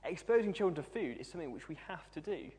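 A man's voice: on the high side, big pitch swings, fast talker, mellow. A young man in his twenties preaching a sermon, humorous and self-deprecating as he tells stories. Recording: long hall reverb.

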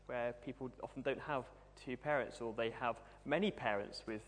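A man's voice: mid-range voice, moderate pace, background noise. A young man in his twenties preaching a sermon, humorous and self-deprecating as he tells stories. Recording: long hall reverb.

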